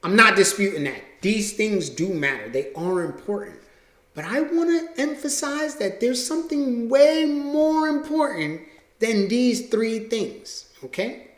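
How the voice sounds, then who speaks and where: A man's voice: very high-pitched, animated, measured pace. A man talking casually in a vlog, repeating his points and tagging lines with "right?". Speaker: vlogger. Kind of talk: casual monologue to camera. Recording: roomy echo.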